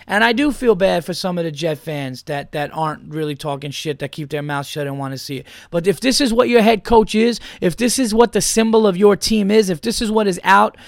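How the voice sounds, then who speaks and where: A man's voice: high voice, a little fast, creaky, few pauses, dry recording, studio quality. A man hosting a podcast, ranting about football in a heated, profane way and repeating his points. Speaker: podcast host. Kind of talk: opinionated sports rant.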